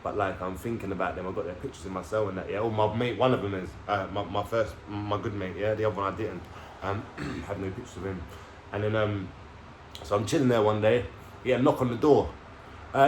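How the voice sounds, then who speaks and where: A man's voice: fairly low pitch, fairly quick. Slangy man telling stories. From London. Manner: streetwise slang, swearing, keeps checking in with "yeah?". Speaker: vlogger telling his life story. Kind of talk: casual storytelling to camera. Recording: echoey room with faint background noise.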